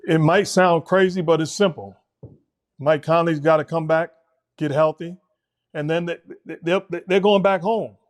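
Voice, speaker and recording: A middle-aged man calmly breaking down basketball plays as co-host of a sports talk show. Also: on the high side. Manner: measured, coach-like breakdowns. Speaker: podcast co-host, basketball analyst.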